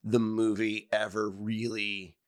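A man's voice: fairly low pitch, flat delivery, slow pace, no room sound, studio quality. A man co-hosting a movie podcast in casual chat, easygoing, often agreeing and trailing off. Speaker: podcast host.

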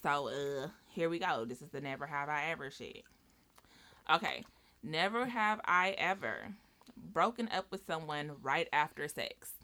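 A woman hosting a casual podcast, brash and profane with loud laughing bursts. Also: sits low, animated, unhurried. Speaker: podcast co-host. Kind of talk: casual chat.

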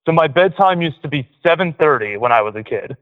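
An easygoing man with a Southern accent calls into a show. His voice sits a little high. It comes through a tinny phone line. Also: expressive, fairly quick. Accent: Southern American. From rural American South. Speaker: caller. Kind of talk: casual phone chat.

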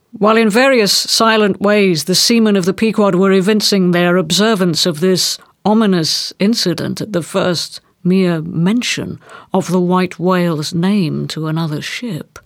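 A woman reads a classic novel aloud, slow and deliberate. Her voice sits at a middle pitch and sounds dry and close. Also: dry recording. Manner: measured, deliberate delivery. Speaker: audiobook reader. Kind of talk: literary reading.

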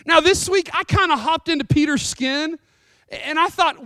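A woman pastor preaching a sermon, earnest and emphatic, slowing down to stress lines of scripture. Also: high voice, a bit bright, no echo, clean studio sound. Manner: earnest, emphatic, with scripture readings and dramatic slowdowns.

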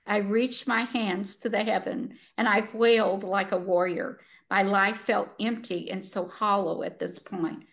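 A woman's voice: medium pitch, fairly bright tone. An older woman, a retired author, reading her own novel aloud with earnest feeling and laughing easily as she chats.

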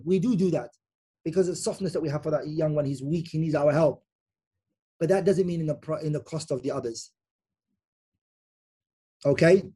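A man's voice: fairly high pitch, a little mellow, breathy edge. A man as an Islamic teacher giving a Quran commentary lecture. He explains step by step, repeats key phrases for emphasis and keeps checking in with the listeners with "okay?".

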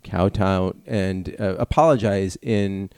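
A man's voice: sits low, takes it slowly, darkish tone, clear, resonant tone, no room sound. A man hosting a casual comedy podcast and steering the talk in an easygoing way. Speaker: podcast host.

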